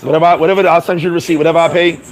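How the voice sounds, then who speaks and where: A man hosting a casual livestream, laughing often, talking in slang and giving shout-outs to viewers. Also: fairly high pitch, flat delivery, rapid-fire, rough recording. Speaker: livestream host. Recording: crowd chatter behind.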